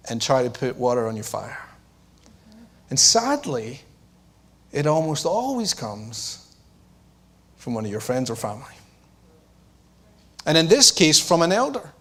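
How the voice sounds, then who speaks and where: A man preaching a sermon, who acts out the lines of the characters and drops to a low, intense voice to press a point. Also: fairly bright tone.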